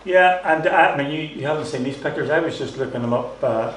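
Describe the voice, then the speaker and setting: A man's voice: fairly high pitch, fairly quick, fairly bright tone, slight background noise. A man with a Northern Irish accent interviewing a guest in a gospel hall, prompting with friendly questions and many fillers. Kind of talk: conversational interview. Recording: echoey hall, mic at a distance.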